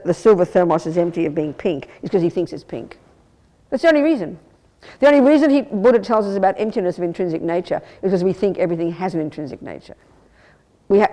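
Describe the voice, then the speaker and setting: A woman's voice: fairly low pitch, warm tone. An older woman, a Buddhist nun, giving an emphatic teaching, repeating and restarting phrases as she explains. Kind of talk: dharma teaching. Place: meditation centre hall.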